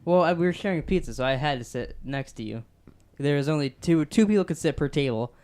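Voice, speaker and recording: A young man hosting a casual podcast chat, telling stories in an animated, defensive way. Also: on the high side, quick pace, clean tone. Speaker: podcast host.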